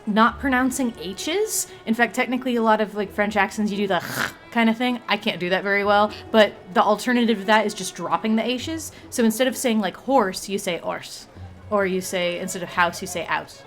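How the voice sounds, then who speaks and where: A woman's voice: medium pitch, fairly quick, few pauses, soft background music. Rambling woman streamer, full of fillers. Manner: rambling, many fillers and restarts. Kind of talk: casual chat on a livestream.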